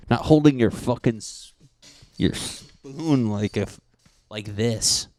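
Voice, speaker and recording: A young man hosts a podcast, delivering a profane, animated solo comedy rant and frequently mocking people in put-on voices. His voice is mid-range and darkish, he takes his time, and the recording has no echo.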